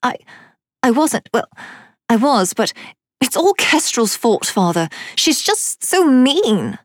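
A woman voicing an excitable little girl who is quick to anger, speaking in a high, pouty, whiny voice in a storybook reading. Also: no room sound, studio quality, heavily acted. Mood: sulky.

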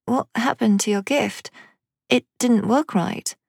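A woman voicing an excitable little girl who is quick to anger, speaking in a high, pouty, whiny voice in a storybook reading. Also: vocal fry, husky, no room sound, clean studio sound, full character voice. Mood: curious.

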